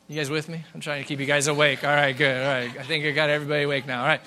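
A middle-aged man preaching a sermon in a church, lively and conversational, with quick asides to the congregation. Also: a little high. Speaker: pastor. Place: church sanctuary.

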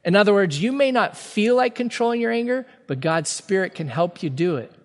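Guy pastor preaching, kinda high voice, earnest and punchy, slows way down to make a point, big echoey church hall. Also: animated. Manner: earnest, emphatic preaching with sudden slow-downs. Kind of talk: sermon. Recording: long hall reverb.

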